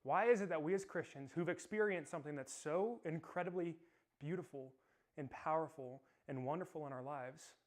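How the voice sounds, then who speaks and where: A young man giving a youth sermon, telling a personal story in a casual, energetic way full of filler words. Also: fairly high pitch, moderate pace. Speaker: youth pastor. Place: youth service room, streamed live.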